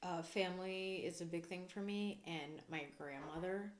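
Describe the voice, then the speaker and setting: Low-voiced woman, giggly podcast co-host. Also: moderate pace, slight background noise. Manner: warm, giggly storytelling. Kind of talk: casual chat. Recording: echoey room.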